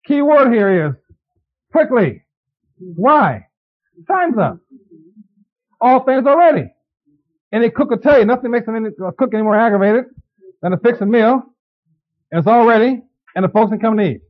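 The sermon comes from a man whose voice is notably high and expressive. This pastor speaks conversationally, throwing quick questions to the congregation, and the audio is muffled and lo-fi like an aged church-service tape.

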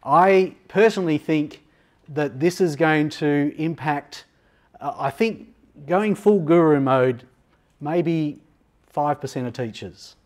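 A man giving a live software demo talk at a teachers' conference, talking conversationally with frequent ums and frank asides. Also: a little high, slow. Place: conference session room.

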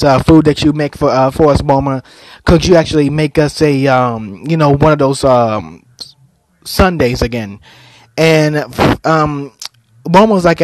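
A young man retells an anime plot in a loose, casual way, and his voice sits a little high for a man. He stumbles through restarts and fillers as he goes. The sound is close and dry. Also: measured pace, no echo. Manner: hesitant, many fillers and restarts. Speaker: anime reviewer.

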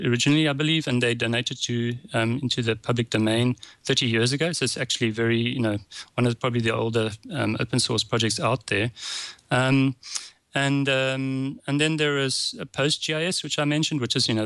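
A man's voice: medium pitch, a bit bright, no echo. A man with a South African accent, answering interview questions with many fillers and restarts. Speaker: guest, open source developer.

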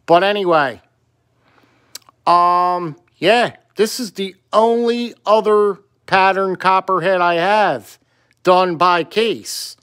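Chatty high-voiced man from South Jersey. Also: slow pace, a bit bright, clear, resonant tone. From South Jersey, USA. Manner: rambling, chatty, playful sing-song bits. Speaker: knife collector vlogger. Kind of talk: casual chat to camera.

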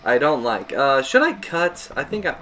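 A man's voice: medium pitch, sing-song, moderate pace, pushed and bright, soft background music. A man giving casual, rambling gameplay commentary, self-mocking and chuckling at his mistakes. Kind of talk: casual let's-play commentary.

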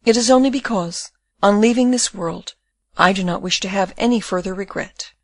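A woman reading the part of a condemned young man in prison, speaking in a tender, calm and consoling way. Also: medium pitch, normal speed, dry recording, lightly acted.

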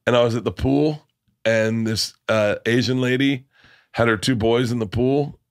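A middle-aged man hosting a podcast, telling comedic stories in an animated, profane, laughing way. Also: mid-range voice, moderate pace, dry recording, clean studio sound. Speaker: podcast host. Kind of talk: casual comedic storytelling.

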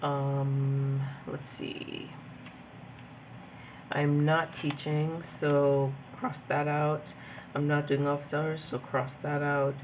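Young woman, casual rambling planner chat, excitable, faint background noise. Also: sits low. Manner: rambling, chatty, giggly and easily excitable. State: hyped up on coffee. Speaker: planner vlogger; graduate student and teacher. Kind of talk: casual chat while journaling.

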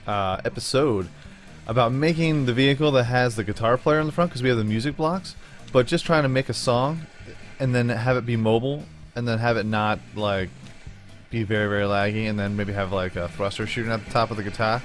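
Man, gaming host, let's-play commentary, excitable, slangy, rambling, mid pitch, faint guitar music behind. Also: a little fast. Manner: excitable, slangy, rambling, talks to himself while playing.

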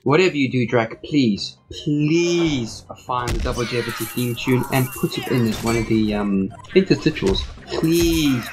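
A man's voice: medium pitch, a little slow, few pauses, faint music behind. A man from the United Kingdom co-hosting a podcast, chatting casually in a rambling, joking way and swearing freely. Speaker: podcast co-host.

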